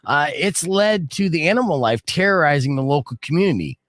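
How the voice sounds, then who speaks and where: Lively, jokey middle-aged male radio host. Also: fairly high pitch, fairly quick, no echo. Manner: lively, jokey storytelling with dry punchlines. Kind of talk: casual morning-show banter. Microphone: studio mic.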